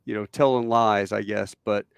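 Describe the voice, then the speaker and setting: A man in his fifties hosting a podcast, chatting casually and telling stories with a relaxed, laughing manner. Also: lowish voice, moderate pace, vocal fry, clean tone, no room sound, studio quality. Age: 50s. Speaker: podcast host. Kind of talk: casual conversation.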